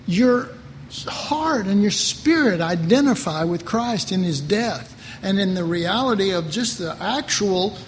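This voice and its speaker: A man's voice: high-pitched, animated, unhurried. A middle-aged man preaching a sermon in a rambling, conversational way, often repeating his words. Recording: reverberant hall, faint ambient noise.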